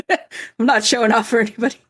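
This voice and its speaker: A woman co-hosting a game podcast in casual chat, animated and quick to swear and laugh. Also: fairly high pitch, breathy edge. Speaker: podcast co-host.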